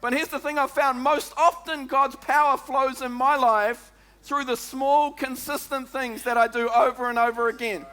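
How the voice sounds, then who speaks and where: High, bright New Zealand preacher man. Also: normal speed. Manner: lively, chatty preaching with frequent "come on" and "eh?". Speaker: pastor. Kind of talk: sermon.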